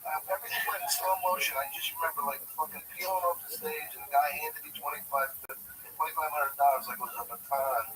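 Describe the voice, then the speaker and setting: A man's voice: a little high, fairly even intonation, fast talker, sharp tone. Man, raised voice, profane storyteller, distant mic, noisy room. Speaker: show host and former stand-up comic. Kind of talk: loose comedy chat with stories.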